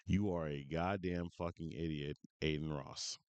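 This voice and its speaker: A man's voice: rumbling low, steady tone, a little slow, clear, resonant tone, dry recording, highs cut off. A man streaming reaction commentary, ranting with profane, berating incredulity into a close mic.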